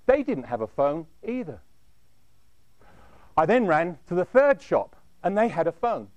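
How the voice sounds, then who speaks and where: A man recounts a dramatic first-person story in a high voice that swoops widely. His delivery is measured, and each phrase falls away low and quiet. The sound is close and dry, with no room echo. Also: big pitch swings, highs cut off.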